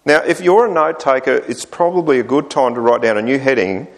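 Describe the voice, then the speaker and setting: A man preaching a sermon, voicing the psalmist's complaints with lively rises. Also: medium pitch, brisk.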